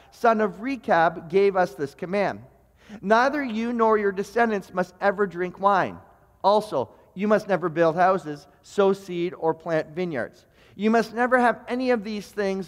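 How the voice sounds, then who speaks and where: A middle-aged man preaching in a fairly high voice. He talks casually to the congregation, repeating and restarting words as he goes. His voice rings with the long reverb of a large hall. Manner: stammering restarts, conversational preaching. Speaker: pastor. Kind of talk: sermon.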